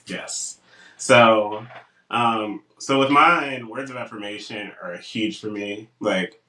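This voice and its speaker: Young guy on a podcast, bright tense voice, kinda far from the mic, echoey room. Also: on the low side, slow pace. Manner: animated storytelling, acts out quotes. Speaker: podcast co-host. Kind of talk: casual podcast chat.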